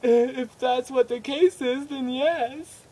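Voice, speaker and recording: A man's voice: very high-pitched, slow pace, darkish tone, far from the mic, a little hiss or hum, voice pushed up, low-quality recording. A young man voicing a whiny, pleading younger boy version of himself, close to crying. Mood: whining.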